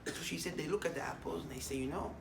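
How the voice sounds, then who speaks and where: Recorded from a distance in an echoey room with a faint hiss underneath, a rabbi delivers a short morning sermon that tells a story. His voice is fairly high and gravelly, his delivery rapid-fire, and he weaves Hebrew terms into English while building to emphatic declarations.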